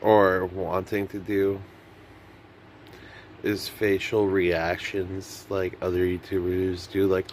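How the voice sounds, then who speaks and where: A man's voice: deep voice, level tone, takes it slowly, darkish tone, slight background noise. A young man vlogging to camera in a rambling, self-mocking comedic monologue that often loses its thread.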